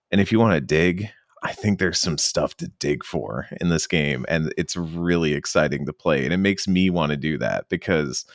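A man with a low voice talks eagerly on a podcast and slips into goofy character voices as he goes. The sound is dry and close, with no room around it. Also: no echo. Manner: enthusiastic, acts out characters in quick silly voices. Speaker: podcast co-host. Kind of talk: casual podcast chat.

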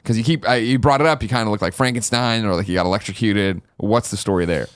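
A man co-hosting a gaming podcast talks quickly and playfully, with a fairly low voice. His speech is bouncy and animated, and the studio mic sounds close and dry. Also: no echo. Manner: fast, animated, playful hype. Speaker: podcast co-host. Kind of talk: casual chat.

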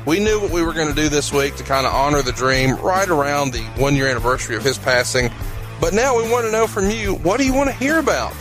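A man's voice: a little high, animated, quick pace, music in the background, rough recording. Upbeat man hosting a podcast. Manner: upbeat, promotional, steers the talk. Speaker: podcast host.

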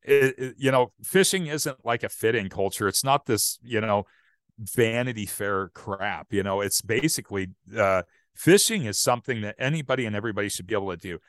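Low-voiced man chatting with fillers. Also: brisk, dry recording, studio quality. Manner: rambling, lots of fillers and restarts. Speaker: podcast guest. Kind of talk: casual conversation.

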